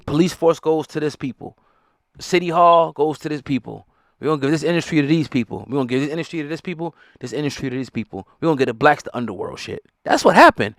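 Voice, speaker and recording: Fired-up guy ranting, kinda high voice, dry close mic. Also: dry recording. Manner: heated, blunt, profane street talk. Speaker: hip hop news commentator. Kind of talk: opinionated commentary.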